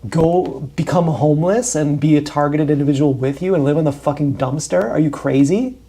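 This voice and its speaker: A man's voice: fairly high pitch, fairly quick, dark tone, husky. A man livestreaming a rambling, profane, meandering monologue with emphatic bursts.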